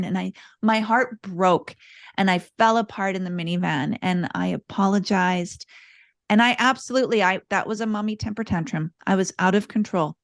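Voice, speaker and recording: A woman guest on a podcast, a parenting coach telling candid, animated stories in casual interview chat. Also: mid-range voice, moderate pace. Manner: earnest, animated, candid storytelling.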